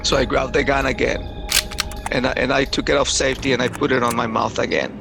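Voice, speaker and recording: A man's voice: mid-range voice, fairly even intonation, fast talker, gravelly, loud music behind the voice. A man giving an intense, earnest first-person testimony, retelling a harrowing experience in vivid detail. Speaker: storyteller recounting a personal experience.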